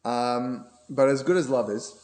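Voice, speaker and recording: A man's voice: mid-range voice, measured pace, a little mellow. A man who is a rabbi, giving a conversational lecture class and often repeating his words as he explains. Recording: roomy echo.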